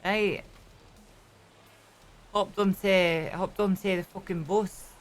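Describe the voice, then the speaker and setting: A woman putting on a menacing Glasgow hardman with a Glaswegian accent, speaking slowly and low. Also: steady tone, slight background noise, lightly acted. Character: menacing Glasgow hardman telling a violent tale.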